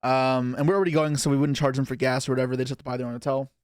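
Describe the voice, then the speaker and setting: A man's voice: medium pitch, flat delivery, racing, darkish tone, smooth, no echo, clean studio sound. A young man from Canada chatting casually on a live stream, rambling and self-deprecating as he reacts to chat.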